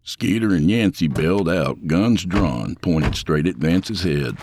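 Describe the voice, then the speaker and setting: A male audiobook narrator with a low, deep voice that still moves with lively, expressive pitch. He reads with steady storytelling drive, over a faint background hiss. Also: slow pace. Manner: expressive storytelling, voicing all characters. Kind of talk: scripted narration.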